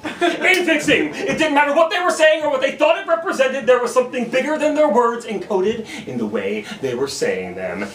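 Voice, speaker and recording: A man's voice: extremely high pitch, sing-song, normal speed, fairly bright tone, echoey room, recorded from a distance, slight background noise. Emphatic American man performing slam poetry. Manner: rhythmic, emphatic, profane spoken word. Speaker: performance poet. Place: bar lounge stage.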